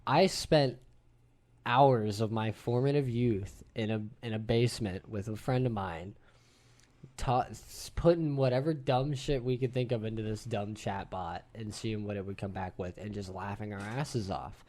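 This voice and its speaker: Animated, swearing man hosting a podcast. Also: lowish voice, unhurried. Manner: animated storyteller, swears casually. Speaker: podcast host. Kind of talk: casual group chat.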